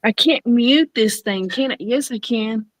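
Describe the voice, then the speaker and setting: A woman guest on a livestream call, chiming in with slow, amused remarks. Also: on the high side, no echo. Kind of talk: casual chat.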